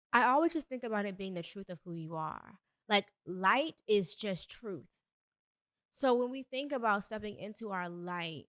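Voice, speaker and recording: A woman's voice: medium pitch, fairly bright tone, no room sound, clean studio sound. A young adult woman hosting a solo podcast, talking earnestly and a bit preachy, with emphatic bursts. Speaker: podcast host. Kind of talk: solo motivational podcast talk.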